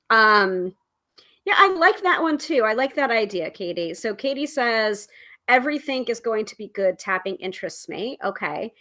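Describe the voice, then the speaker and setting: A woman's voice: fairly high pitch, lively intonation, a little slow, fairly bright tone. A woman hosting a livestream, talking in a chatty, rambling way that often interrupts itself. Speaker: host. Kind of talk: casual livestream chat.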